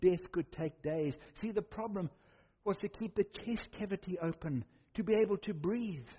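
A man preaching a sermon, dramatic, with slow emphatic pauses. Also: high voice, warm tone, husky. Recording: muffled sound in a reverberant hall.

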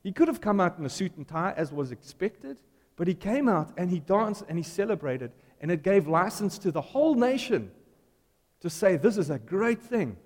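A man's voice: sits high, sing-song, moderate pace, a little mellow, big-room sound. A man preaching a sermon in a conversational, storytelling way, putting questions to the congregation.

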